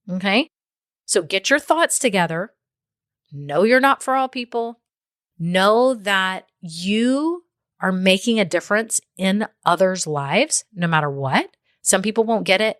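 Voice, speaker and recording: A woman's voice: mid-range voice, fairly bright tone, no echo, studio quality. A woman hosting a podcast and giving business advice in a chatty way, often checking in with "okay?" and "right?". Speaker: podcast host. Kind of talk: solo business advice talk.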